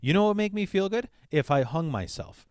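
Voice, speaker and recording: A spiteful, self-pitying older mother, mocked by a man, whining in a high, mocking sing-song. The delivery is put-on and exaggerated. The sound is dry and close. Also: animated, a little fast, clean tone, no room sound.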